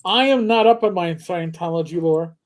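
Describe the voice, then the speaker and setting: A man's voice: high-pitched, normal speed. Older male host, casual stream chat, rambling, profane, jokey. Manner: profane, rambling, animated joker.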